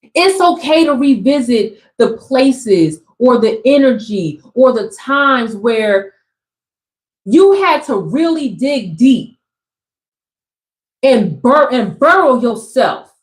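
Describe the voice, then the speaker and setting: A young woman delivers a spiritual pep talk in a high, bright-pitched voice. She talks casually but builds emphasis through repetition, like a preacher working a crowd. Her voice rings out in an echoey room. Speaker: spiritual content creator.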